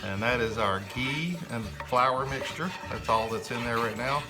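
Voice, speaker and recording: A man narrating his home cooking in a relaxed, chatty way, with many fillers. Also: medium pitch, normal speed, music in the background. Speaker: home cook.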